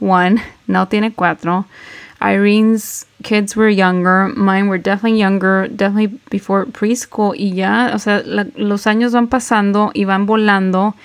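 A woman in her thirties chats as a podcast co-host. Her voice has a gravelly, creaky edge. She talks in a halting, reflective way and slips between English and Spanish mid-sentence. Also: medium pitch. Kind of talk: casual chat.

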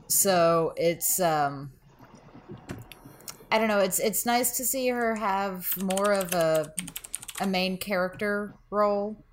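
Female podcast reviewer, mid voice, measured and a bit unsure. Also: mid-range voice, slight background noise. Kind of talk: casual film review chat.

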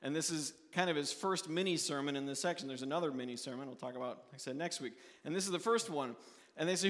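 A man preaches an earnest midweek sermon, talking it through plainly and often restarting his phrases. His voice sits on the higher side, and long reverb from the church hall trails after each line. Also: expressive, fast talker, a bit bright. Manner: earnest, restarts often, voices quoted questioners in a raised pitch. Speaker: pastor.

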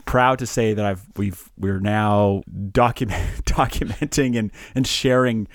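Cheerful man with a low, dry voice. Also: measured pace, no room sound. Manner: cheerful, upbeat storytelling. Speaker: podcast co-host, anesthesiologist. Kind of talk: casual chat.

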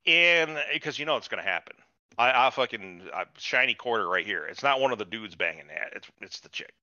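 Man ranting and swearing, bright forceful voice, dry dull lo-fi sound. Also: lowish voice, lively intonation, a little fast, no echo. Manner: profane, ranting, exasperated. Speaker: podcast host. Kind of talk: casual chat. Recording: dull lo-fi recording.

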